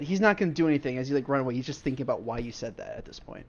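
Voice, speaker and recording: A man's voice: mid-range voice, expressive, rapid-fire, dull audio. A man narrating a tabletop game as game master, loose and profane, laughing often. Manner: laughing, profane, loose storytelling with many fillers.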